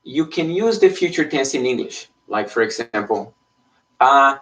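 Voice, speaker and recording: Man, language teacher, online lesson, unhurried, mid-pitched voice, set back from the mic. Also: animated, fairly bright tone. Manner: explanatory, checks in with frequent "okay?". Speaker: Spanish teacher. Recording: voice somewhat far from the mic.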